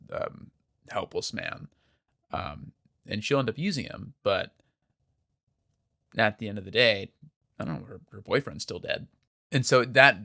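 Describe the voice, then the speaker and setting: A man with a lowish, gravelly voice that still sounds bright and edgy weighs in on a film on a podcast. He speaks in a measured, thoughtful way. He pauses often and fills the gaps with "um.". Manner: reflective, measured, with frequent "um". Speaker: podcast co-host. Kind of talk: casual film discussion.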